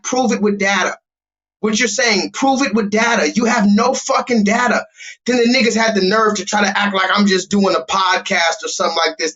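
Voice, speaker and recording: Man, high voice, livestream host, loud profane ranter, dull lo-fi home audio. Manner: loud, blunt and profane, talking straight to chat.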